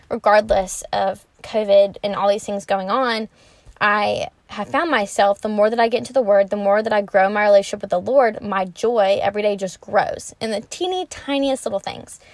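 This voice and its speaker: This young woman, a Christian vlogger, has a medium-pitched voice recorded with no echo. Talking to camera about her Christian faith, she's casual, earnest and chatty, full of "um" and "like," and becomes animated when retelling conversations.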